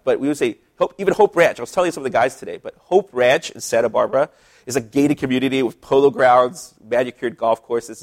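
A man who is a pastor, leading a casual Bible study in a relaxed, chatty way with lots of asides. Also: medium pitch.

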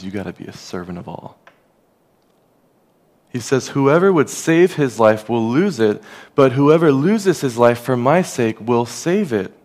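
A man preaching a sermon as a pastor, earnest and conversational, dropping softer on key phrases. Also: mid-range voice.

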